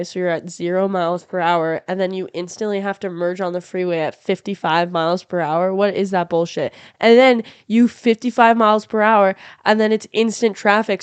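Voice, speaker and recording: A woman chatting as a podcast guest in a house, animated and blunt, swearing freely. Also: lowish voice, smooth, dry recording. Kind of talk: casual chat.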